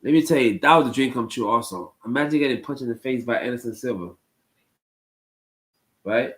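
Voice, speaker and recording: A man's voice: medium pitch, a little fast, a bit bright, low-quality recording. A man casually telling a long story to his live chat, rambling and repeating phrases, with plenty of ums. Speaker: streamer talking to chat.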